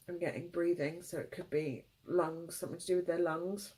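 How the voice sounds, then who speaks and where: A woman's voice: lowish voice, fairly even intonation, low-quality recording. Tearful woman reading tarot. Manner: halting, emotional, gentle phrasing. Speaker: tarot reader.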